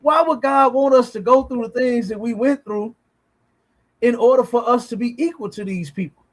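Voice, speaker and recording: A man's voice: very high voice, moderate pace, poor audio. A man hosting a livestream, commenting bluntly on video clips in a preachy, cursing manner, often asking if you understand. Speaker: host reacting to clips.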